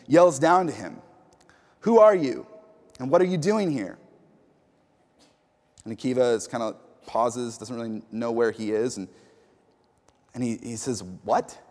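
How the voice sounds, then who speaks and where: A man who is a pastor, preaching a sermon in a relaxed, conversational way and telling stories with casual fillers and repeated words. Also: mid-range voice. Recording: long hall reverb.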